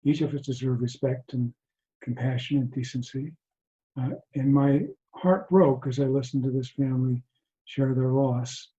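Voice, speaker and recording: Male mindfulness teacher, soft and reflective, mid-pitched, muffled video call sound. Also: steady tone. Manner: soft-spoken, halting, many restarts. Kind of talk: reflective talk to an online group. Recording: dull lo-fi video call audio.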